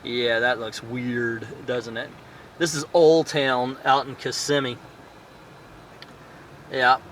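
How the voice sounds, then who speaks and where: A man's voice: mid-range voice, little pitch movement, takes it slowly, a bit bright, a little hiss or hum. A man giving a casual, rambling movie review outdoors at night, thinking aloud with many fillers and tangents. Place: outdoors in a town area at night.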